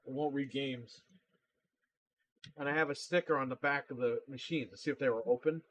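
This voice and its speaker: A man's voice: medium pitch, steady tone, moderate pace, fairly bright tone, rough recording. A man hosting a casual livestream, telling blunt, profane, exasperated stories about customers. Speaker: livestream host and console repair seller.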